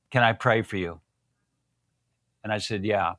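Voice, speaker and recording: A man's voice: fairly low pitch, moderate pace, pauses often, a bit bright, dry recording, clean studio sound. An older man, a guest on a podcast, telling a long personal story in a folksy way and acting out what people said. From Southern United States. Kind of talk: storytelling interview.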